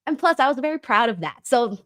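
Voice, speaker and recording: A woman's voice: high voice, lively intonation, fast talker, fairly bright tone. A young woman co-hosting a wrestling review livestream, laughing often and joking about herself as she reads viewer comments aloud. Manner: laughs often, jokey and self-deprecating. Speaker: co-host of a wrestling review show. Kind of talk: casual livestream chat, reading viewer comments.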